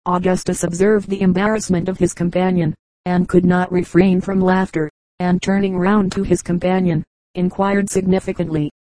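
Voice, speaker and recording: A woman narrates a classic novel in a measured, even reading. Her voice sits low and mellow, with a warm softness to it. The recording is dry and close, with no room sound around her. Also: no echo, poor audio. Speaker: audiobook narrator.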